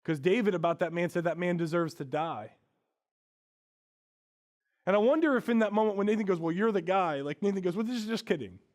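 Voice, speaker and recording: A man's voice: sits high, fairly quick, long pauses. Man preaching in a conversational sermon. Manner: conversational preaching, swings between hushed and emphatic. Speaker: pastor.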